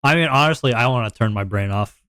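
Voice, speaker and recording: Soft-spoken young man streaming, halting. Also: mid-range voice, clear, resonant tone, dry recording, studio quality. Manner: halting, self-deprecating, restarts and trails off. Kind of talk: casual live-stream chat.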